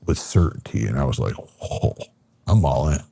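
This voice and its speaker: A man's voice: rumbling low, lively intonation, fast, gravelly, dark tone, slightly rough, no room sound. A middle-aged man from Michigan, a podcast guest, telling a personal story casually with lots of fillers and acted-out quotes. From Michigan, USA.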